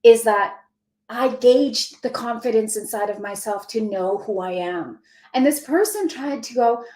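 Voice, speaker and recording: A woman's voice: on the high side, measured pace, darkish tone, reverberant, rough recording. A woman hosting a casual live stream as a spiritual mentor, gushing and effusive, greeting viewers by name and laughing often. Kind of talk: casual livestream chat. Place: indoors at home.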